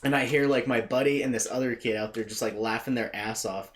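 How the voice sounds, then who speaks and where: A man hosting a podcast, rambling through a crude story in loose casual chat. His voice sits at a middling pitch. A faint noise hums under it. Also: fairly even intonation, a little fast. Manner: rambling, profane storytelling with laughs. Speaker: podcast host.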